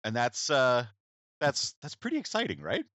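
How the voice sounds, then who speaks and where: A man with a bright, sharp voice recaps a bad movie with swooping, animated pitch. He acts out characters in goofy voices. The sound is close and dry. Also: moderate pace, dry recording, highs cut off. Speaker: podcast co-host. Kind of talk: casual movie-review banter.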